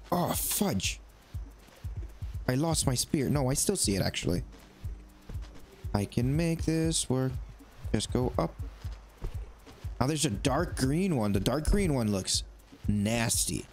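A man giving excitable let's play commentary, talking to the creatures on screen as he plays. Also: mid-range voice. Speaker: gaming YouTuber.

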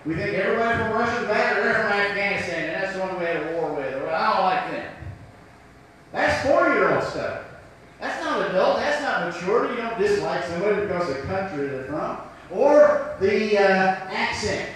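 High-voiced Southern preacher, echoey hall. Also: male voice, lively intonation, fairly quick, a bit bright, distant mic, slight background noise. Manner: folksy, rhetorical questions. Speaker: pastor. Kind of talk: sermon.

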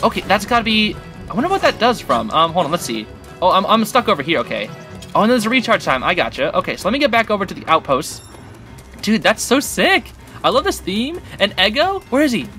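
Excitable high-voiced man playing a game. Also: a little fast. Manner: excitable, chatty, talks to the game characters. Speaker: gaming channel host. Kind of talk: casual gameplay commentary. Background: game music.

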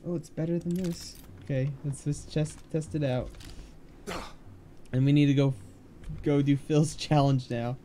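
A man's voice: fairly high pitch, steady tone, a little slow, pauses often, mellow, slight background noise. A man streaming a video game, chatting casually and poking fun at himself. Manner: chatty, self-deprecating. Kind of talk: casual gameplay commentary.

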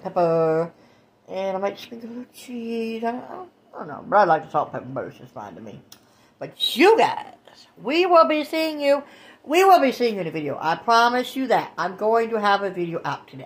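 A woman vlogger chatting casually to her viewers. She talks loosely, drawing out phrases and calling her audience baby and y'all. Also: fairly high pitch.

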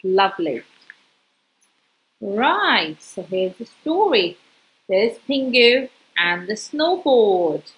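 A woman's voice: medium pitch, drawn-out words, pauses often, muffled recording. A woman reading a picture book aloud to a young child, speaking to the child directly and asking them questions. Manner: lively, sing-song, talks directly to a young child. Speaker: storyteller.

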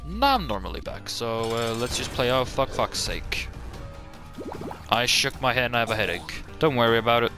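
A man hosting a gaming channel, giving excitable, jokey gameplay commentary full of swearing and sudden outbursts. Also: mid-range voice, fairly quick, soft background music.

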